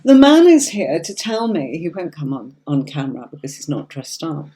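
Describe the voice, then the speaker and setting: Middle-aged British woman, neutral standard accent, low mellow voice, chatty tarot-reader host who reassures viewers. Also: sing-song, moderate pace. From Yorkshire, England. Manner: chatty and reassuring, often checking in with "okay?". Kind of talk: live-streamed tarot reading.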